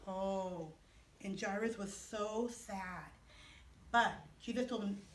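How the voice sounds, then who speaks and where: A woman telling children a story in chapel. She is animated and expressive, with dramatic pauses and playful questions to the listeners. Her fairly high voice is heard from some distance in an echoey room.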